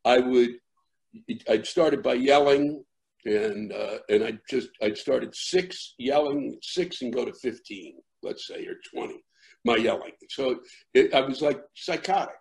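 Gravelly middle-aged man telling stories. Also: medium pitch. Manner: rambling, halting, with frequent fillers and restarts; animated, acts out shouting crowds. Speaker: comedian guest. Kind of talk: anecdotal storytelling in conversation.

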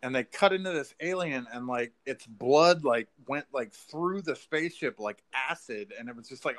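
A man talking loosely and excitedly, piling on filler words and curses as he tells a story. His voice sits at an ordinary middle pitch. He sounds like one half of a laid-back chat between friends. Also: moderate pace, few pauses. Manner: rambling, profane, filler-heavy, says "like" and "dude". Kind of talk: casual chat.

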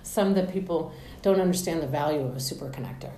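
A woman hosts a casual podcast interview, bubbly and jokey, laughing often. Her voice is low-pitched, warm and fast, and the recording sounds roomy with faint background noise.

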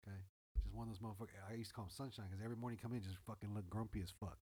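A man on the low side speaks very fast, his breathy voice coming through a low-quality recording. He tells a story casually, cursing often and animatedly playing out the dialogue he quotes.

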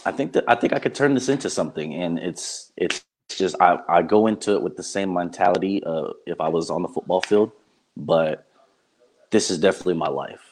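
Young man, very low voice, video call guest, halting with ums and restarts. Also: a little mellow, a little hiss or hum. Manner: many ums and self-restarts. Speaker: guest actor, former running back. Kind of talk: casual interview chat.

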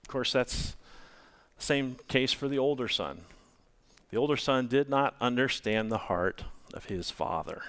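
A man's voice: medium pitch, expressive, a little slow, fairly bright tone. A male pastor preaching a sermon, asking the congregation rhetorical questions.

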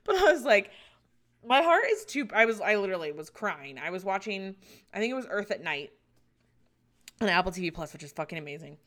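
A woman's voice: medium pitch, very animated, a little fast, a bit bright. A woman in her thirties hosting her own show, chatting alone in a rambling way, swearing and laughing often. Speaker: podcast host. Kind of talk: casual solo chat.

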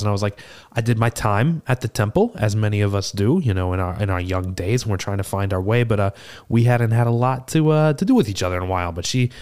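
A seasoned tortle cleric, played by a man, spins a long tavern yarn in a low voice. He rambles casually, tripping over fillers and starting his sentences again. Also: a little mellow, close to an everyday voice. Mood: sheepish. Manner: chatty and rambling, full of fillers and restarts. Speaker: player character in an improvised tavern scene. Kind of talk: improvised in-character storytelling.

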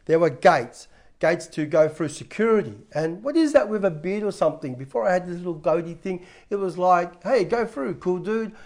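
A man's voice: high-pitched, expressive, fairly quick, darkish tone. A man, a pastor preaching a sermon in a conversational way with frequent restarts.

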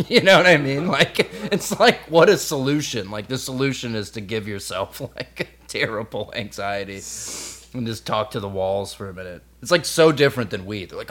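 A man's voice: medium pitch, animated, moderate pace, pushed and bright. A young man co-hosting a podcast, joking and laughing through casual chat. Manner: laughing banter, jokey asides. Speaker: podcast co-host.

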